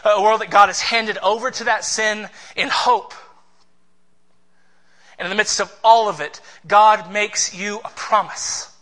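A man's voice: high-pitched, steady tone, unhurried, bright, forceful tone. A man preaching a sermon as pastor, in an emphatic, passionate way.

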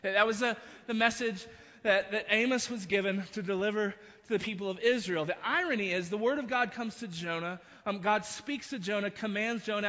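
A man's voice: high voice, normal speed, pushed and bright, big-room sound, dull audio. A man preaching a sermon, retelling a story with frequent restarts and asides. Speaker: pastor.

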